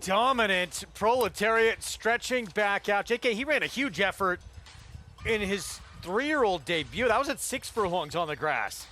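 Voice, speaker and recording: A man's voice: high voice, expressive, moderate pace, sharp tone, faint music behind. A man giving enthusiastic race analysis in a broadcast. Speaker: racing analyst.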